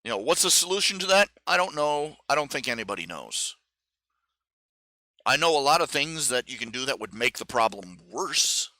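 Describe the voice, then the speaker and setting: Bright, lively man chatting on a stream. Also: mid-range voice, moderate pace, no room sound. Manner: rambling, with many fillers and restarts, acts out quotes. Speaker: live stream host. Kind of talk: casual solo commentary.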